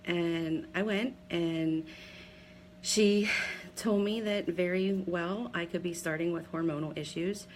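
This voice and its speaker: A woman's voice: on the low side, steady tone, takes it slowly, a little mellow, slight background noise, poor audio. A woman in her forties from Pennsylvania telling her personal story on a live video in a chatty, candid way, with many ums and laughs at herself. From Pennsylvania, USA. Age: 40s. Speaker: direct seller sharing her story.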